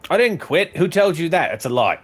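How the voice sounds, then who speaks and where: A man playing a tabletop game, bantering quickly in character. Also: on the high side, very animated, over loud music. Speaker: player.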